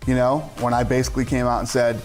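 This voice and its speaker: A man's voice: mid-range voice, monotone, fast, darkish tone, soft background music. A man speaking bluntly and defiantly in an archived interview clip.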